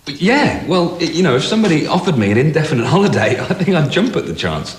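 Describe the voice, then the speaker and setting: A man's voice: on the high side, very animated, quick pace. A stammering, flustered man. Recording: echoey room with music.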